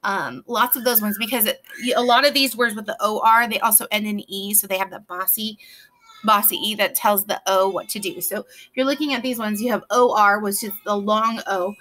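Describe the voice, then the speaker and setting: A woman's voice: mid-range voice, steady tone, brisk, sharp tone, slight background noise. A woman teaching a children's reading lesson, explaining phonics patiently, step by step, with playful examples.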